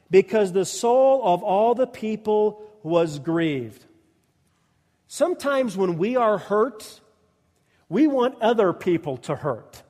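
A man's voice: sits high, dark tone. A male pastor preaching a sermon, emphatic and repetitive, calling out to the congregation and asking them to respond. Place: church sanctuary. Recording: long reverb of a large hall.

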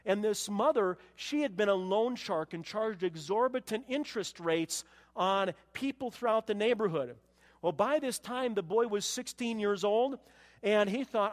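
High-voiced man preaching in a hall. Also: moderate pace. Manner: storytelling, quoting scripture, voices rising for emphasis. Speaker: pastor. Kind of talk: sermon.

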